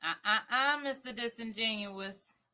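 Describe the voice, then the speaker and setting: A woman's voice: on the high side, a little slow, sharp tone. A woman hosting a casual reaction chat, blunt and sarcastic, swearing freely. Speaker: host reacting to clips.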